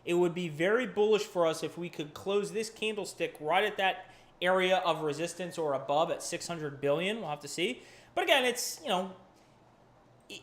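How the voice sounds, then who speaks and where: A man hosting a live crypto chart show, talking casually with profanity, restarts and rambling asides. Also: high voice. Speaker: crypto market analyst and channel host. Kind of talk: casual live market commentary.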